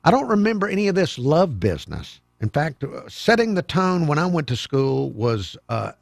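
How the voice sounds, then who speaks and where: A man's voice: a little high, very animated, moderate pace, vocal fry, hardly any pauses, dry recording, clean studio sound. An older man hosting a call-in radio talk show, with wry, sarcastic asides.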